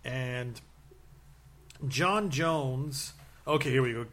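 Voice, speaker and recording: In casual chat, a man tells long, rambling stories full of fillers and restarts, animatedly acting out quotes. His voice is medium-pitched and extremely slow.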